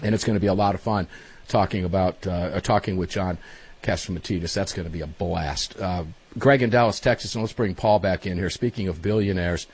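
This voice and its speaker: A man's voice: low-pitched, brisk, darkish tone, husky. A man hosting talk radio, joking and opinionated.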